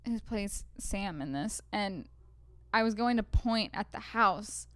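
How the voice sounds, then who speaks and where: A woman's voice: mid-range voice, animated, slow pace, a bit bright, dry recording. A young woman co-hosting a podcast, telling stories from a film set in casual chat, full of "like" fillers. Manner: chatty storyteller, many "like" fillers. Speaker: podcast co-host.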